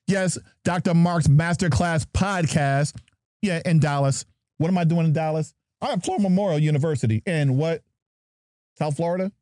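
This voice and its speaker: A man's voice: on the high side, normal speed, a little mellow, no echo, studio quality. A man from New Jersey hosting a podcast, joking and playful as he introduces his guests. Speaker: podcast host. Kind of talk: lively podcast chat.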